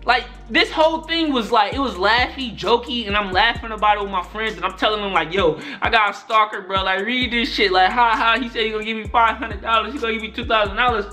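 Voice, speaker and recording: A young man telling a story-time vlog in an exasperated, profane, animated way. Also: high voice, fairly quick, few pauses, faint music behind. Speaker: YouTuber.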